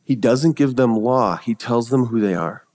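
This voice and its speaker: A male pastor preaching a sermon, telling stories that swing from hushed, reverent passages to excited retellings. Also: mid-range voice, moderate pace, big-room sound.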